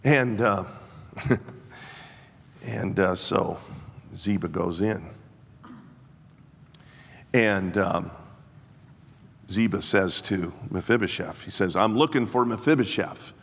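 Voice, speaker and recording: Male preacher, slow storyteller, swells to passionate emphasis, mid-pitched voice in a hall with long reverb. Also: gravelly, fairly bright tone, slight background noise. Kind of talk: sermon.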